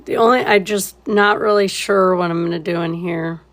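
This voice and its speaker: A woman's voice: on the low side, fairly even intonation, normal speed. A woman leading a live painting tutorial, laid-back and thinking aloud as she works. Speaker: painting instructor.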